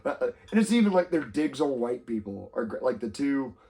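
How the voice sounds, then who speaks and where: A man's voice: mid-range voice, sing-song, brisk, warm tone. Rambling man who keeps laughing. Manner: rambling, laughs often, acts out quotes in silly voices. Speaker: podcast co-host. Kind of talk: casual chat.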